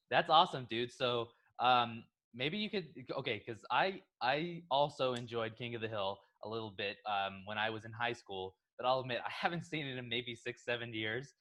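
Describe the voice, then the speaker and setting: A man's voice: medium pitch, normal speed, pushed and bright. A young man co-hosting a podcast in casual chat, friendly and easygoing with his partner. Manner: friendly, calls partner "dude". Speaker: podcast co-host.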